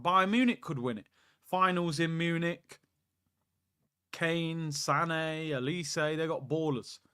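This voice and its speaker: A young man hosting a live football watchalong, chatting excitably, reacting to the match and answering viewer questions. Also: fairly high pitch.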